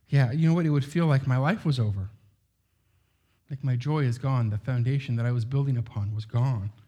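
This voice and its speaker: A man's voice: mid-range voice, warm tone. A middle-aged man preaching a sermon in a loose, conversational way, full of asides and rhetorical questions.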